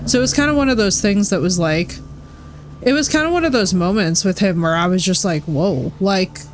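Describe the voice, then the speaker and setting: A woman's voice: medium pitch, very animated, a little fast, slight background noise. A woman live-streaming a game in casual chat, swearing freely and filling her talk with "like". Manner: chatty, swears freely, says "like" constantly. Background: faint game music.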